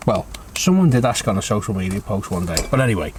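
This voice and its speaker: A man's voice: on the low side, sing-song, fast, a little hiss or hum. A man vlogging from a camper van, chatting casually and joking about himself in a dry way. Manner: dry, self-mocking jokes. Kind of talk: casual chat.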